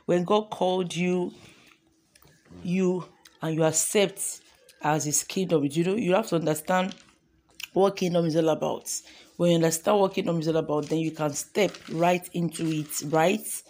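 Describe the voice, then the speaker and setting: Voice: medium pitch, steady tone, moderate pace, creaky, darkish tone. A devotional host leading a morning sermon, fervent and repetitive, calling listeners to repeat affirmations.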